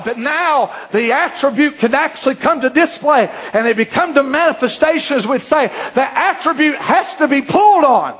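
A man preaching a fervent sermon, often rising to shouts. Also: very high-pitched.

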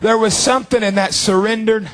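A man preaching a sermon fervently, with long drawn-out phrases. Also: sits high, steady tone.

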